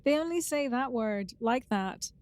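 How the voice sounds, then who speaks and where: This is a woman with a fairly high voice who co-hosts a podcast. She is not from the United States. She teases her co-host in light, playful banter. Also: animated, measured pace, darkish tone. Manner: teasing and playful. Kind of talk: casual banter.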